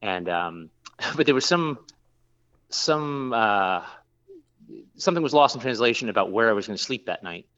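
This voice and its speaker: A man's voice: medium pitch, expressive, normal speed, pauses often, pushed and bright, dull audio. A man who works as a brewer, telling a long story in a casual interview, rambling with lots of fillers and restarts.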